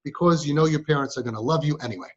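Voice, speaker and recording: Man, fairly high voice, motivational speaker, quizzing the crowd, dull lo-fi sound. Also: very fast. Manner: rhetorical, quizzes the audience with questions; emphatic repetition, teasing. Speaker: speaker addressing a group of girls. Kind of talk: motivational talk to a live audience. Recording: dull lo-fi recording.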